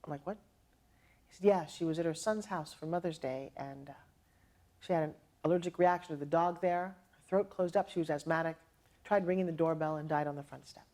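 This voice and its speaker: A middle-aged woman telling personal stories as a motivational speaker, lively and acting out quoted dialogue with laughs. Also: deep voice, a little fast. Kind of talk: personal storytelling to an audience.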